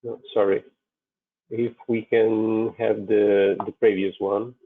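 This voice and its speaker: Halting, male presenter, low voice, slow delivery, tinny video-call audio. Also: flat delivery. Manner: halting, many fillers and restarts. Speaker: transit company presenter. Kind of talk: webinar presentation. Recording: phone-like narrow sound.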